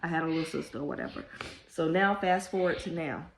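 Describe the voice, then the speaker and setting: On her vlog, a woman in her thirties talks fast in a low voice while recounting a family story. She rambles, struggles against tears, and apologizes repeatedly in this emotional, casual storytime.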